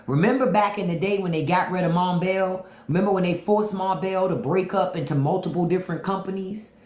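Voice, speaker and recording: A woman hosting a livestream, commenting in an animated, profane, rhetorical way. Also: fairly low pitch. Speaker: podcast host. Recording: roomy echo.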